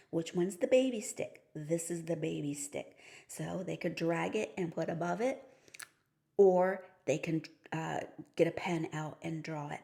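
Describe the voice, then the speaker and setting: Gravelly-voiced woman teaching phonics. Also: fairly low pitch, dark tone. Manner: patient, explaining step by step with playful story cues. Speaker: reading teacher. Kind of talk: phonics lesson for teachers and parents.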